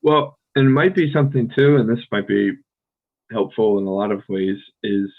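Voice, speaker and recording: An American man co-hosting a podcast, chatting casually with a relaxed, rambling manner full of fillers and restarts. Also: lowish voice, moderate pace, phone-quality sound. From United States. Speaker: podcast co-host. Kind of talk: casual conversational chat.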